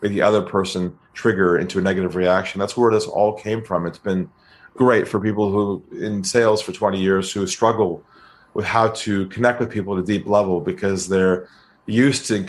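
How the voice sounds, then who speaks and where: A man being interviewed as a sales trainer, telling stories in a calm, deliberate way. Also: deep voice. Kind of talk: podcast interview storytelling.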